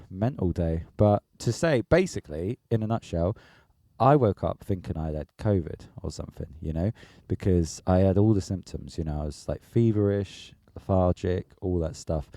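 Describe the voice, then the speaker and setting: A man co-hosting a podcast, telling an animated, sweary story in casual chat. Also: sits low, a little fast, no echo, studio quality. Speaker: podcast co-host.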